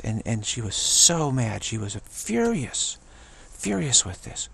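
A man of middle pitch talks through a spiritual monologue with a gravelly, creaky edge and a husky, slightly breathy tone. He speaks earnestly and circles back to the same phrases again and again. He often slips into short imagined exchanges as he talks. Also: very animated, slow, fairly bright tone. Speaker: spiritual commentator.

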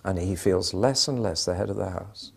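A man's voice: low voice, moderate pace, vocal fry, slightly rough. An older man preaching a sermon, telling anecdotes with dry humour and acting out the dialogue.

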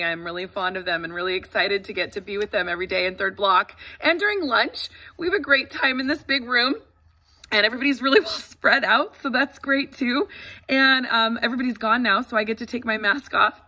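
A woman's voice: on the high side, sharp tone. A woman teacher speaking to parents in an empty classroom, earnest and effusive, with many fillers and restarts. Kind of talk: casual welcome talk to parents.

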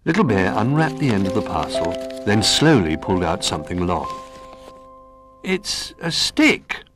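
A man narrating a children's storybook in a gentle, expressive manner. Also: deep voice, brisk, music in the background.

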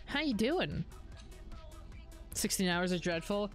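A young woman chats her way through a live driving-game stream, loose and unscripted, with the odd curse word thrown in. Her voice sits at an ordinary middle pitch, and soft music plays faintly underneath. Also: expressive, slow pace. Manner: chatty, swears freely, reads chat aloud. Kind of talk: casual live-stream chat while gaming.

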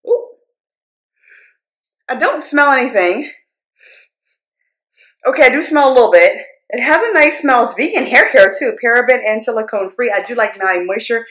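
A woman vlogger with a slightly high voice gushes over gifts as she unboxes them. She speaks straight to her viewers, excitable and eager. The room around her echoes. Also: normal speed, pauses often. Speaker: beauty vlogger. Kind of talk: unboxing vlog.

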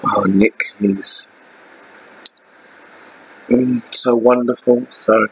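A man with an Australian accent talking in a halting, emotional way with many fillers and restarts in a personal video diary. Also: low voice, gravelly, a bit bright, a little hiss or hum, low-quality recording. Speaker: vlogger.

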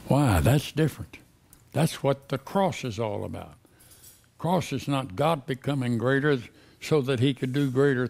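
Male pastor, unhurried and emphatic, gravelly tone. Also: mid-range voice, a little mellow. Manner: slow, emphatic preaching with repeated questions. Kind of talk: sermon.

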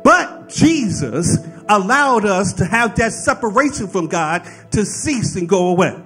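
A male pastor delivers a sermon in a high, strongly swinging voice that climbs into fervent peaks. He teaches plainly and keeps checking in with his listeners. Soft music sits faintly behind him. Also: big pitch swings, a little slow. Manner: preaching with rising fervor, frequent "right?" asides.

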